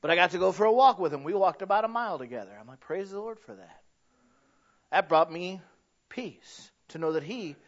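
A man with a high voice preaches in a conversational way. He is earnest, leaning hard on some words and dropping low and soft on others. The recording sounds dull and lo-fi. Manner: earnest, conversational, swings between emphatic and hushed. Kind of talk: sermon.

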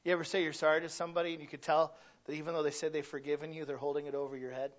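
High-pitched guy preaching, chatty, asks the crowd stuff, kinda dull lo-fi sound. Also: flat delivery, racing. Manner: conversational preaching, asks the congregation questions, acts out little quoted voices. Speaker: pastor. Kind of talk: sermon.

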